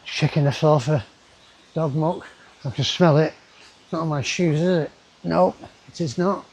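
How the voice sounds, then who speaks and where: A man's voice: a little high, moderate pace, darkish tone, a little hiss or hum. A man, chatting casually to his camera as he walks through a river gorge outdoors, rambling with asides to himself. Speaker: travel vlogger. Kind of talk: casual walking commentary.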